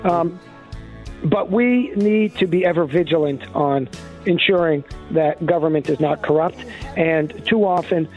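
A man guest-hosting a talk radio show as a law professor, speaking emphatically and clearing his throat now and then. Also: a little high, measured pace, a little mellow, soft background music. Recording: dry, phone-like talk radio sound.

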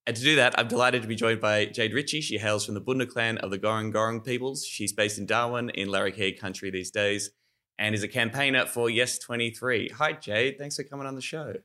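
A man's voice: on the low side, brisk, sharp tone. A man hosting a podcast, upbeat and jokey with easy laughter. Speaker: podcast host. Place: recording remotely from abroad.

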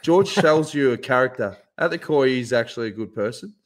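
A man's voice: medium pitch, expressive, a little fast. A man hosting a podcast, chatting in a laid-back, jokey way. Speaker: podcast host. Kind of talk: casual chat.

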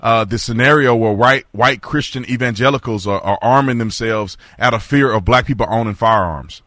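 Animated male talk show host. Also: medium pitch, normal speed, no echo, clean studio sound. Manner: animated, laughs often.

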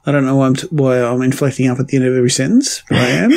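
A man's voice: medium pitch, rapid-fire, gravelly, darkish tone. Sardonic New man co-hosting a music podcast, profane and teasing. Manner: sweary, sardonic banter. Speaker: podcast co-host. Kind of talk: casual chat.

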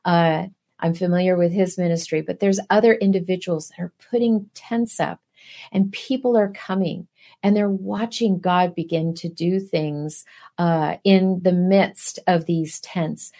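Woman, middle-aged, guest preacher; slow, deliberate, earnest, asks the room rhetorical questions. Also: lowish voice, steady tone, warm tone. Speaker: guest speaker. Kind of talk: preaching testimony.

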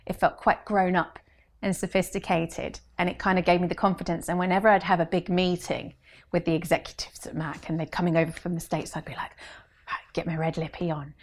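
Woman, lowish voice, chatty storyteller, interview guest. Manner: chatty storytelling, acts out quotes. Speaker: guest, brand consultant. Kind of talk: conversational interview.

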